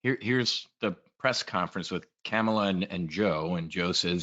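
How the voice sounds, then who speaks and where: A man's voice: sits low, moderate pace, few pauses, sharp tone, lo-fi sound. A man giving a casual, blunt and profane trade briefing, talking in a rambling way as a trading educator.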